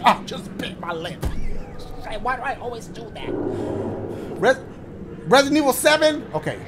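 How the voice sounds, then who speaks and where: A man's voice: very high-pitched, big pitch swings, normal speed, long pauses, noisy background. A man hosting a let's-play of a horror game, cracking jokes and swearing as he reacts, yelping when something startles him. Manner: joking, profane running reactions, yelps when startled. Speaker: gaming channel host. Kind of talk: casual let's-play commentary.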